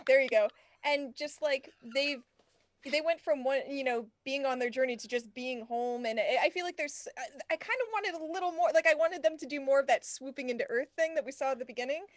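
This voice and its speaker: Female podcast co-host, high voice, meandering casual chat, dry sound. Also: a little fast, dry recording. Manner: rambling, fillers, swearing.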